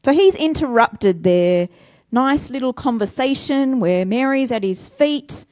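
Brief: female preacher, chatty and self-deprecating, somewhat high voice, dry recording. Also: lively intonation, measured pace, a little mellow, dry recording. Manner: conversational, self-deprecating, rhetorical questions. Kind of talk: sermon.

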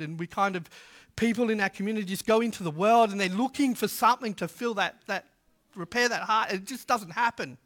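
Aussie guy preaching, really high bright voice, jokey and chatty, gets loud then drops quiet. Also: fairly quick. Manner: humorous, conversational preaching with swings from loud to hushed. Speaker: pastor. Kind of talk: sermon.

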